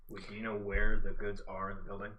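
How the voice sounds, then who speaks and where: A man's voice: on the low side, monotone, quick pace, sharp tone, echoey room, a little hiss or hum. A man playing a tabletop game, hesitant and restarting his sentences. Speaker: player.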